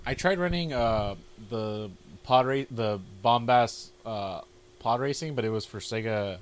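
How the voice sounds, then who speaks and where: Male podcast co-host, mid pitch, lively storyteller who acts out quotes. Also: measured pace. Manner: animated storyteller, acts out quotes, laughs often. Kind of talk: casual chat.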